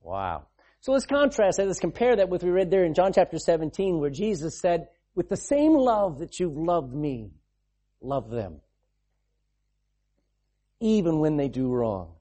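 Husky, animated male preacher. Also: on the high side, measured pace. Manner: animated, conversational preaching with asides and laughs. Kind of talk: sermon.

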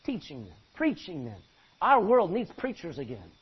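Husky, animated male preacher. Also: high voice, normal speed, muffled recording. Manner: emphatic, repeats phrases, asks for amens. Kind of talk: sermon.

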